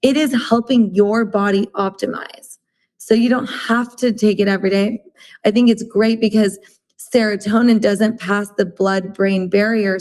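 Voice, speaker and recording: A woman's voice: mid-range voice, darkish tone. Earnest woman explaining with lots of fillers. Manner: earnest explainer, full of "like" and "you know". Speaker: guest. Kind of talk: casual podcast interview.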